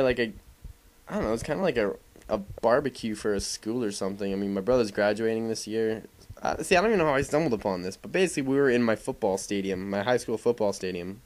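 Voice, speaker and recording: A young man talking loosely over gameplay footage in casual voice-over commentary. He rambles along with plenty of filler words and swears freely. His voice sits at an everyday pitch for a man. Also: a little mellow. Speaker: gaming commentator.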